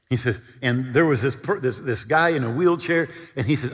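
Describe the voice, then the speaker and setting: A man's voice: medium pitch, brisk, a bit bright. A man preaching a sermon, retelling scripture and stories with acted-out quotes. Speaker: pastor. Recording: long hall reverb.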